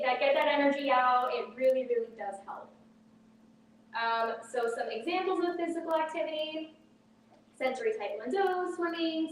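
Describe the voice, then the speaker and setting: Woman teacher presenting a parenting workshop, slightly high voice, heard from a distance in a very echoey hall. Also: darkish tone. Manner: practical, explains with everyday examples. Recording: echoey hall from far off, faint noise.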